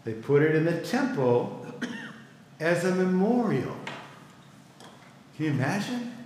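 A man's voice: a little high, sing-song, unhurried, darkish tone, slight background noise. A middle-aged male pastor teaching a Bible class in a conversational way, stopping to ask the class for reactions. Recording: echoey hall with long reverb.

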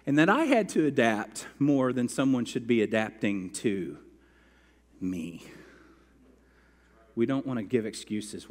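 A man's voice: lowish voice, darkish tone. Man preaching in a reverberant church hall. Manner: storytelling with acted-out quotes. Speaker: pastor. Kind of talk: sermon. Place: church sanctuary.

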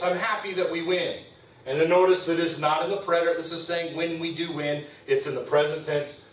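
A man's voice: a little high, fairly quick. A man teaching a Spanish grammar class as a lecture, explaining step by step and often checking in with "okay?". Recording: roomy classroom sound from a distance.

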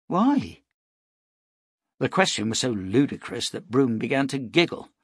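A man narrating an audiobook in a steady, measured storytelling voice. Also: mid-range voice, slightly rough, no echo, studio quality.

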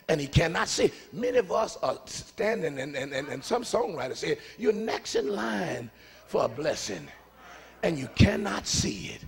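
A man preaching a lively sermon, talking with the congregation and swinging between shouted lines and hushed asides. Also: sits high, normal speed, vocal fry, breathy edge, big-room sound. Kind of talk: call-and-response sermon. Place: church sanctuary.

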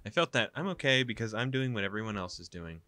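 A man's voice: on the low side, animated, fast talker, bright, forceful tone, faint music behind. A young man reading a visual novel aloud, with casual, exasperated asides. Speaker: gaming YouTuber.

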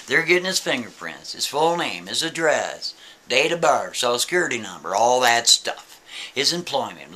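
A man telling a story in a lively, emphatic, casual way, talking straight to the listener. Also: a little high.

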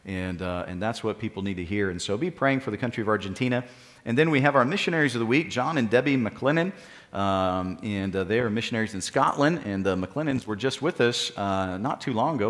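A man leading church announcements as pastor, encouraging and halting, with frequent filler sounds. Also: lowish voice, fairly bright tone. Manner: encouraging, praising children after they recite. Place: church sanctuary. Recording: live-streamed church service with long hall reverb.

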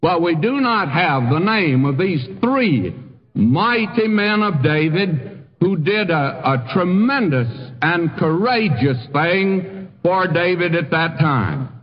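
An older man preaching a sermon in earnest, drawing out key phrases slowly for emphasis. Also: fairly high pitch, expressive, long reverb tail, dull audio. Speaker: pastor. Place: church sanctuary.

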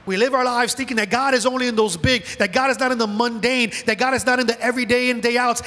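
Bright high-voiced man preaching in a hall. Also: fast, hardly any pauses. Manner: animated preaching, voicing God and Elijah in quoted lines. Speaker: pastor. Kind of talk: sermon. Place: church auditorium. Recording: large hall with long reverb.

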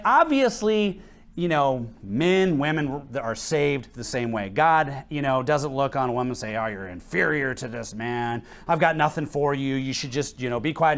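Preaching pastor, slightly high voice. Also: male voice. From United States. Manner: preaching with emphatic rises and mocking quoted voices. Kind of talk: sermon.

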